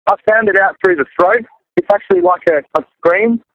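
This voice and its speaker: A man, a beatboxer answering interview questions in a loose, halting way and calling the interviewer "man". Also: sits high, no room sound, lo-fi sound. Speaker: beatboxer guest.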